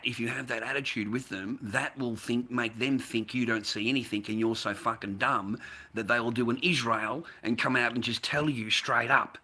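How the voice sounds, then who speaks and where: A man's voice: medium pitch, bright, forceful tone. An Australian man telling a long story in a profane, repetitive, casual monologue. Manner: profane, repetitive, addresses the listener as mate and bro. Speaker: vlogger recounting a story.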